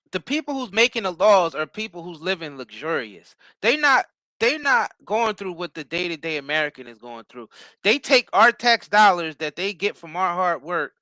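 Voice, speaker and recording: A man's voice: high voice, bright, forceful tone, no room sound. A man in heated casual political talk, emphatic and repeating words as he builds his point.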